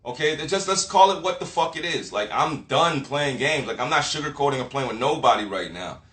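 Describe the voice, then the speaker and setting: A man's voice: medium pitch, expressive, a little fast, fairly bright tone. A man delivering a blunt motivational rant full of swearing and street slang, lecturing the listener directly. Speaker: motivational vlogger. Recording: echoey room.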